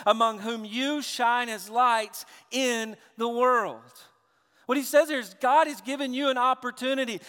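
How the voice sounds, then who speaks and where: A man with a notably high voice delivers a sermon from the pulpit. His preaching is animated, dropping low and quiet, then rising loud and emphatic. A long church-hall reverb trails behind every phrase. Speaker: pastor.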